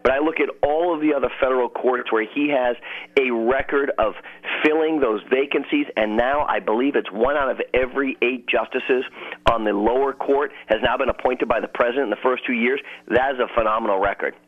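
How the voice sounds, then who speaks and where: Male phone-in guest, measured and deliberate, mid-pitched, heard through a tinny phone line. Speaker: political guest. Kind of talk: phone-in radio interview.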